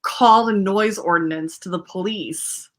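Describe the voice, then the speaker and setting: A woman's voice: mid-range voice, normal speed. A young woman telling a rambling story in casual chat, full of fillers and laughter, as a podcast host.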